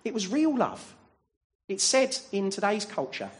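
A man's voice: fairly high pitch, wildly swooping pitch, a little slow, long pauses. Man giving a sermon, earnest, rhetorical questions, voice rises and falls a lot, church. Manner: earnest, asks the congregation many rhetorical questions. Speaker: preacher.

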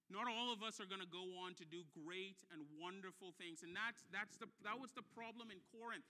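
High, bright, impassioned male preacher. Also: brisk, hardly any pauses. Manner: swings from quiet and intimate to loud, impassioned preaching; repeats phrases for emphasis, conversational asides. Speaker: pastor. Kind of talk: sermon.

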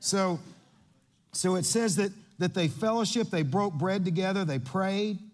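A man preaching a sermon, animated and playful, joking with the congregation. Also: sits high, a little slow. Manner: animated, playful, coaching volunteers on stage. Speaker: pastor.

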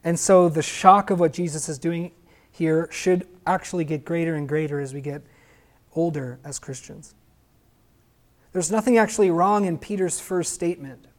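A man preaching a sermon, putting stress on his words, slowing on key phrases and putting questions to his listeners. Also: a little high. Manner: emphatic, asks the listeners rhetorical questions.

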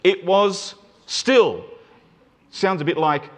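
Animated man preaching with lively pitch. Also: moderate pace. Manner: animated, emphatic, shifts pace and pitch for emphasis. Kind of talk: sermon.

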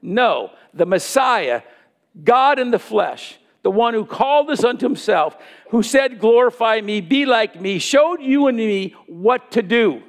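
A man's voice: very high-pitched, very animated, unhurried. A man preaching a sermon, telling a personal story and acting out the dialogue in it.

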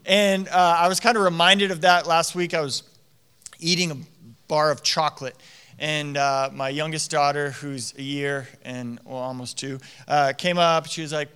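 A man in his thirties preaching a conversational sermon, telling stories in a lively, casual way with lots of "like" fillers. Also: on the high side, moderate pace, clean tone. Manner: animated storytelling with frequent "like" fillers.

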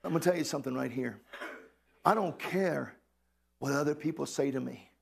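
A man's voice: mid-range voice, moderate pace, gravelly. A male pastor preaching a sermon to a congregation, calling out questions and exclamations. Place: church hall with a congregation.

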